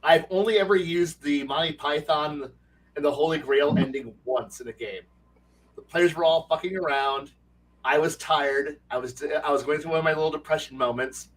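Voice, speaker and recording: A man's voice: a little high, normal speed, distant mic. A man chatting casually as a game master, rambling through a story, acting out quotes, laughing and swearing freely. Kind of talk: casual chat on a livestream.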